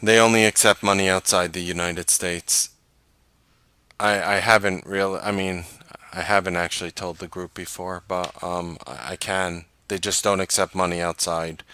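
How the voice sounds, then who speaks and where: Exasperated, bright-voiced male trader ranting. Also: sits low, normal speed, smooth, no echo. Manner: animated, exasperated, scoffing, laughs mid-sentence. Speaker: stock trader hosting a live trading stream. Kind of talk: casual ranting monologue to viewers.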